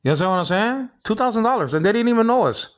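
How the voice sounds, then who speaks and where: Older man, rambling monologue, stammering restarts, heated, slightly high voice. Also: animated, racing. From Philippines. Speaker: vlog host.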